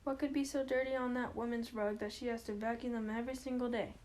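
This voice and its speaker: A woman's voice: on the high side, steady tone, quick pace, a little mellow, close to an everyday voice. Woman reading a flippant young woman. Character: restless twenty-year-old woman, sharp and flippant. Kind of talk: amateur play reading.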